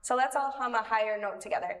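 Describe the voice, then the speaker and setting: A woman's voice: on the high side, fast talker, a bit bright. A woman leading a children's time in a worship service, speaking in a chatty, playful way with small laughs. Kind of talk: friendly talk to children in a service. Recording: echoey room from far off, faint noise.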